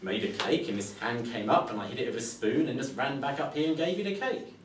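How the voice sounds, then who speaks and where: A cheerful young lad who fears nothing chats along in a breezy, carefree way, as a man storyteller puts him on. His mid-pitched voice carries through a reverberant room. The mic sits some distance away. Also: brisk, slight background noise, natural voice. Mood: casual. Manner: breezy, chatty and unbothered. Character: cheerful fearless young village boy. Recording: echoey room, mic far off.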